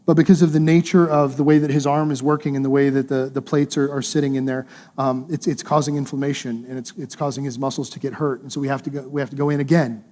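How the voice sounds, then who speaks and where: Earnest, mellow-voiced male preacher. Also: medium pitch, flat delivery, fast talker. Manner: earnest, conversational preaching with emphatic repetition. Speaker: pastor. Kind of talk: sermon.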